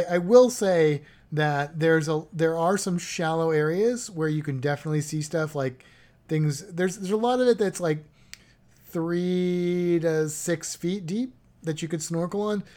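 A woman's voice: fairly low pitch, dark tone. A woman chatting casually about travel plans, rambling and correcting herself as she goes. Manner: rambling, self-correcting, chuckling.

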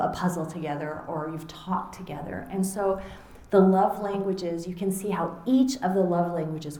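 A middle-aged woman author giving a conversational talk to an audience, animated and acting out little quoted exchanges. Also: medium pitch. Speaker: author and speaker. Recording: roomy echo.

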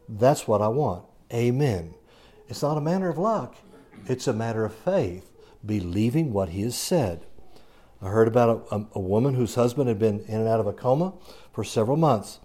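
A man delivers a sermon in a dark, mellow voice at an ordinary middle pitch. He preaches in a conversational way, slipping in humor and reading Bible verses aloud to his congregation. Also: animated, normal speed. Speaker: pastor.

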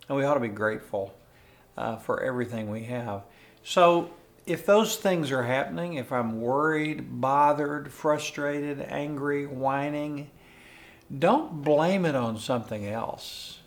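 An older man with a mid-pitched voice teaches on a faith podcast. He talks in a plain, earnest way, often chuckling and restarting phrases as he goes. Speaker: podcast host and pastor. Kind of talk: conversational devotional teaching.

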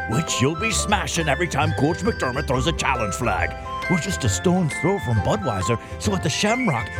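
A man's voice: on the low side, creaky. A man voicing a boisterous male pub announcer in a comic ad, with a jolly, exaggerated, mishmash brogue-like accent. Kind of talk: comic radio ad read. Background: loud music bed.

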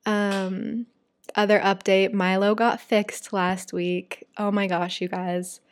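A woman's voice: medium pitch, flat delivery, slow. A woman hosting her own podcast, talking casually and confidingly to listeners with lots of "like" and "you guys" fillers. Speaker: podcast host. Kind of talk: casual solo podcast chat.

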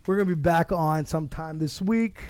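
A man co-hosting a podcast, telling stories in casual chat, animated, swearing and laughing often. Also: a little high, fairly quick, dry recording. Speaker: podcast co-host.

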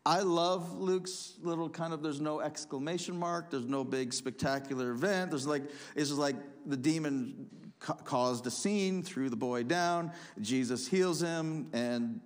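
A man preaching a sermon, reading scripture aloud and explaining it with animated emphasis. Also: a little high, a little slow. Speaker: pastor.

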